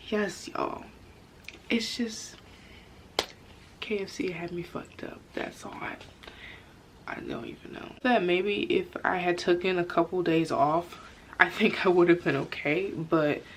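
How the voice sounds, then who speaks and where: A woman's voice: on the low side, rough recording. A young woman telling a casual storytime vlog, rambling with lots of fillers and frank cursing. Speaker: vlogger. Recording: background noise.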